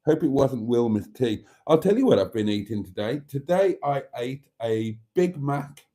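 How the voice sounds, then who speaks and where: A man's voice: medium pitch, animated, moderate pace, dark tone. A man hosting a casual livestream, reading viewer comments aloud in a chatty, playful way and repeating items back to callers. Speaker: livestream host.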